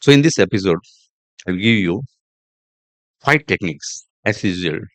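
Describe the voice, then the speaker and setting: A man hosting a podcast lesson on English pronunciation, speaking deliberately, repeating himself, with fillers and restarts. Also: sits low, lively intonation, fairly bright tone, dry recording. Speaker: podcast host and English teacher. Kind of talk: instructional podcast monologue.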